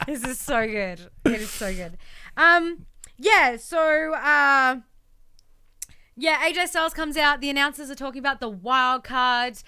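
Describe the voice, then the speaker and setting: A woman's voice: high voice, a little slow. A woman co-hosting a podcast, casually recapping a wrestling show and acting out the wrestlers' lines. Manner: animated, acts out wrestlers' lines. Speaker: podcast co-host.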